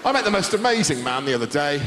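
Loud, high-voiced stand-up comedian. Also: male voice, sing-song, fast talker. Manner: loud, exclamatory storytelling. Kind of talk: live stand-up set. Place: large theatre stage. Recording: live theatre crowd and noise.

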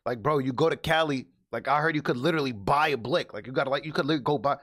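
A man's voice: mid-range voice, racing, a bit bright. A man streaming live, casually reacting to a clip in laid-back slang for his viewers.

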